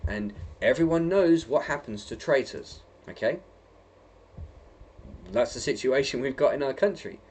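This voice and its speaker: A man's voice: mid-range voice, animated, measured pace, long pauses, darkish tone, slightly rough. A man from England delivering an emphatic vlog monologue, repeating himself and tagging lines with "right?" and "okay?". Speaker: video blogger.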